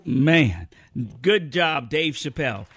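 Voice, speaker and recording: Bright high-voiced radio host. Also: male voice, animated, slight background noise. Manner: upbeat, quick promo delivery. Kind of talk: radio talk show banter. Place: radio studio.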